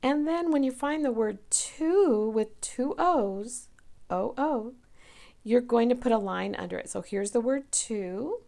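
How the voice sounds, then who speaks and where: A woman teacher talking young children through a recorded lesson, slowly and patiently, stretching out each sound. Her voice carries a strong gravelly fry, and she keeps an unhurried pace throughout. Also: a little high, animated, mellow.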